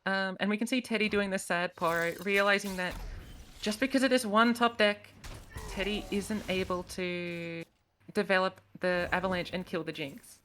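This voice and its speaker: A woman's voice: medium pitch, steady tone, moderate pace, fairly bright tone, a little hiss or hum. A woman from the Americas casting a live esports match, analytical and thinking aloud, often second-guessing her own reads. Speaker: esports co-caster. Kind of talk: live esports game commentary.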